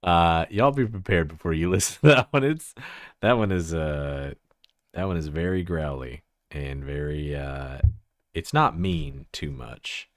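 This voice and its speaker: A man's voice: a bass voice, unhurried, no echo, clean studio sound. A man from Texas with a Texan accent, chatting casually on a livestream, rambling, giggling and trailing off into asides.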